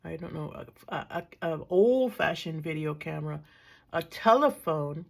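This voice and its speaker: Gravelly older woman chatting over crafts. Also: sits low, lively intonation, normal speed. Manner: chatty, thinking aloud, dry self-mocking. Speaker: craft vlogger. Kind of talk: casual crafting show-and-tell.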